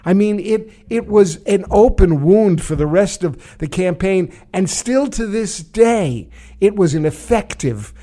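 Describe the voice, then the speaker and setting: An older man from New York talks politics in a sardonic, storytelling way. His voice sits slightly high for a man. He trades jokes and anecdotes in a loose, casual chat. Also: lively intonation, a little slow, dark tone. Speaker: show host, former congressman.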